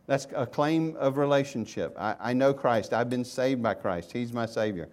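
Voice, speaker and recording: A man preaching a sermon as pastor, moving between loud emphatic questions and quiet, hushed asides. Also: medium pitch, moderate pace, hardly any pauses. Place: church sanctuary.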